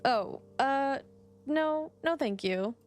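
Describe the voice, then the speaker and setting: A woman's voice: high voice, animated, slow, soft background music, pitched above the performer's own voice. A woman reading a timid, apologetic customer. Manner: hesitant, apologetic. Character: timid awkward caped customer.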